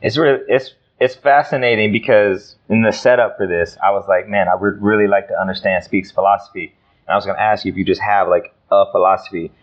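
Host: man, low voice, thoughtful and halting, muffled podcast sound. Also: fairly even intonation. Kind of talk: conversational podcast interview.

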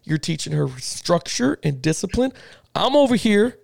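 A man with a high, heavily gravelly voice trades sports podcast banter, recorded close on a dry mic. He tells animated, profane stories and keeps hammering his point home. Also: normal speed, dry recording. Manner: animated storyteller, profane, repeats "listen to me". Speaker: podcast co-host.

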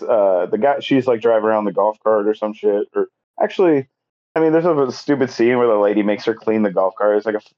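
A man's voice: on the low side, muffled recording. A man on a podcast casually recapping a movie plot, rambling with lots of fillers and acting out the characters' lines. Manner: rambling, filler-heavy retelling with acted-out quotes. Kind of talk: casual chat.

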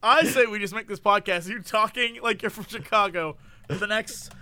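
A man's voice: high voice, moderate pace, bright, forceful tone, dry recording, studio quality. A man co-hosting a podcast, reacting with laughter and short quips. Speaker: podcast co-host. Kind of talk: casual podcast chat.

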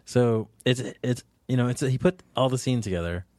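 A man, a voice actor guest, telling stories in a casual podcast chat, animated and laughing, acting out the quotes. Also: mid-range voice, normal speed, no echo, clean studio sound. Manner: animated, laughing storyteller who acts out quotes.

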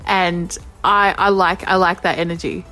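A young woman co-hosting a podcast from home, relaxed and casual, swearing freely. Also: on the low side, normal speed, faint music behind. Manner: laid-back, swears freely. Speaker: podcast co-host. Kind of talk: casual chat.

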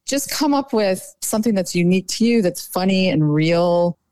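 A woman dating coach talking casually in a podcast interview, chatty and quick to say "like" and "you know.". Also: medium pitch, animated, a little mellow, smooth, no room sound.

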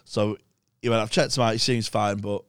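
A man's voice: fairly low pitch, normal speed, smooth, dry recording, clean studio sound. A young English man, a podcast guest, telling rambling, swear-filled stories in casual chat. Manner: swears a lot, rambling animated anecdotes.

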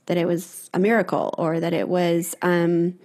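A young woman with a slightly low voice who talks earnestly about personal things. She hesitates often, pauses and restarts her sentences as she searches for words. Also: completely flat delivery, a little mellow. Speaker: guest, runner. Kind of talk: casual conversation.

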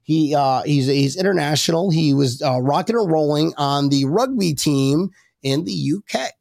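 A gravelly-voiced man hosts a loose, rambling podcast conversation. He talks in a fairly high register and gets excitable, with sudden squeaky outbursts. The sound is close and dry. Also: moderate pace, no echo. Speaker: podcast host. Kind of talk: casual podcast chat.

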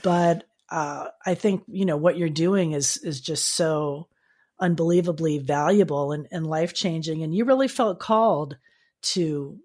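Woman interviewer, engaged, long rambling questions, slightly low voice. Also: measured pace, a little mellow. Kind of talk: conversational interview.

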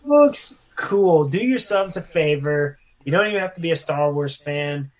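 A man's voice: fairly high pitch, lively intonation, unhurried, darkish tone. A man co-hosting a casual podcast, talking about games in a loose, jokey way and now and then slipping into goofy voices. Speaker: podcast co-host. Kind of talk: casual chat.

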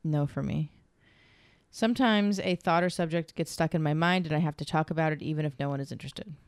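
Chatty woman, low voice, dry sound. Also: fairly quick, smooth, no room sound. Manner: chatty, laughs often, quotes others in lively voices. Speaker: massage and craniosacral therapist. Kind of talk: casual chat, answering a questionnaire together.

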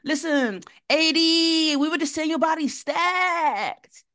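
A woman doing a put-on American accent as a young woman gushing loudly and trying to play it cool. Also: slow pace, full character voice. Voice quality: loud, exaggerated, high-pitched gushing.

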